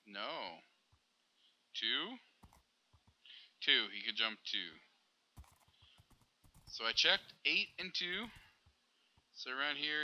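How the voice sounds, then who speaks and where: A man's voice: a little high, bright, forceful tone, low-quality recording. A young man casually commenting on his gameplay, rambling and correcting himself as he talks to viewers. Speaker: Minecraft server video host.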